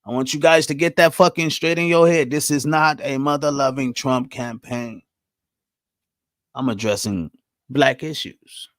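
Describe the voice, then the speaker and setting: A man's voice: mid-range voice, unhurried, fairly bright tone, no room sound, clean studio sound. A man hosting his own podcast, delivering a heated, profane monologue full of rhetorical questions, often checking in with "right?" and "you know what I mean?". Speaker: podcast host.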